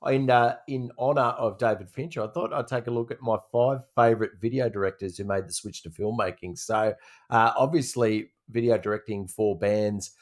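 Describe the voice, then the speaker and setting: A fairly low-voiced man hosts a podcast segment. He rambles easily, with plenty of pauses and fillers. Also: fairly even intonation. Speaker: podcast co-host presenting a segment.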